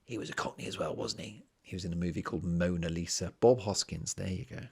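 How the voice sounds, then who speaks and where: A man's voice: low voice, quick pace, vocal fry, darkish tone, husky. A middle-aged man, hosting a podcast and talking casually to his listeners, often asking them questions. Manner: chatty, conversational, asks the listener questions. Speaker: podcast host. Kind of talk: casual monologue.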